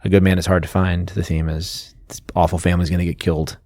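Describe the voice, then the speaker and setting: Speaking fast in a low-pitched, level voice with a darkish tone, a man hosting a podcast talks casually through the background of a novel. He rattles off facts and often restarts sentences, and the studio recording is clean with no room sound.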